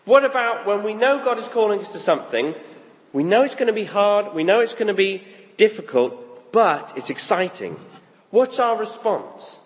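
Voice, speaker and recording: A man preaching a sermon in a lively, conversational way, acting out quoted thoughts as he goes. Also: sits high, normal speed. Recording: long reverb of a large hall.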